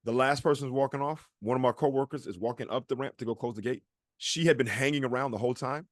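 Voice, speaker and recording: Male podcast co-host, mid pitch, casual storyteller who acts out quotes, dry close mic. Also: quick pace, dry recording. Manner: animated storyteller acting out quoted people.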